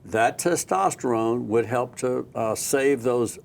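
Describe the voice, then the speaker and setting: A man's voice: medium pitch, slow, vocal fry, a little hiss or hum. A man hosting as a doctor, chatting casually and explaining medical points in short remarks. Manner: brief interjections and medical explanations. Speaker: doctor and host. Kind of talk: casual chat.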